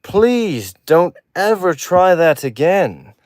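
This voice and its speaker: A man doing an impression of a haughty British male talent-show judge who gives drawn-out, withering verdicts in a put-on British accent. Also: sits high, sing-song, a little mellow, dry recording, clean studio sound, voice pushed up, exaggerated voice.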